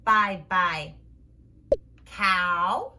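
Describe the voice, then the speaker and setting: A woman's voice: fairly low pitch, drawn-out words, noisy background. A woman speech therapist narrating toy play for toddlers, with simple repeated words and an exaggerated sing-song delivery.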